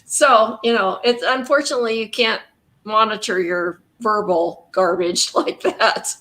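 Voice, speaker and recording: A woman's voice: medium pitch, a little slow, a bit bright. Reflective woman author, wry chat. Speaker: author and guest reader. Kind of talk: casual chat on a video call.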